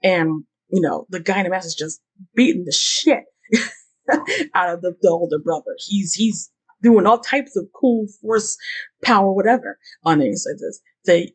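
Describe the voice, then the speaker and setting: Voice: medium pitch, normal speed, breathy edge, poor audio. A YouTube host giving casual fan commentary, talking in a rambling way, with many fillers and the odd curse word.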